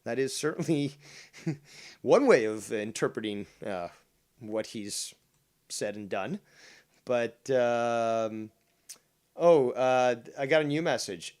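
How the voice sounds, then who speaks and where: A man hosting a live call-in show, answering in sarcastic, drawn-out retorts full of ums and uhs. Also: medium pitch, a little mellow. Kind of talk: casual live call-in chat.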